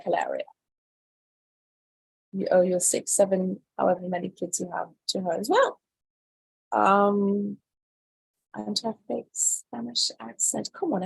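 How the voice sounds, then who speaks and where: Female host, husky and unhurried, dry close sound, chatty and incredulous news commentary. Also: mid-range voice, no room sound, poor audio. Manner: chatty, incredulous, reads headlines aloud. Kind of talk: casual news commentary livestream.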